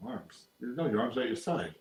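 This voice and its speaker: A man's voice: medium pitch, animated, normal speed, creaky, a little mellow. An older man, a poker player, talking casually and emphatically in an interview, repeating his points. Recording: roomy echo.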